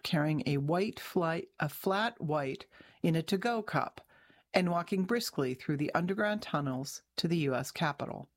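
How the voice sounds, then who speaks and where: A woman journalist reading her own article aloud in a measured, even way, with an occasional restart. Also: on the low side. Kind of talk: scripted narration.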